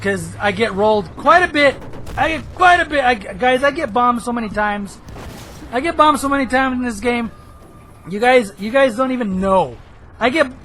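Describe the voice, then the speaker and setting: A hoarse man giving rambling, excitable commentary over his own gameplay footage, now and then bursting into shouts. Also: very high voice, a little hiss or hum, rough recording. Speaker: gameplay video host.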